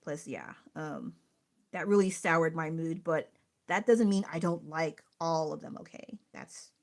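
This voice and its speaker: Casting note: woman streamer, slightly low voice, rambling casual chat, chatty and self-interrupting. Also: big pitch swings, measured pace, a little mellow. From United States. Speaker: art streamer.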